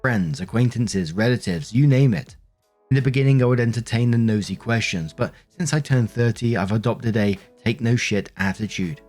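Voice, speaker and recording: A man's voice: medium pitch, normal speed, darkish tone. A man reading online stories aloud and adding his own reflective, conversational commentary with frequent fillers. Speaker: narrator and commentator. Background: faint background music.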